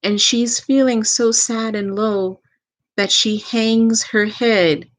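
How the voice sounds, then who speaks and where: This Southern US woman's voice is on the high side and steady as she reads tarot live as a medium. Gentle and unhurried, she repeats phrases and sometimes laughs softly.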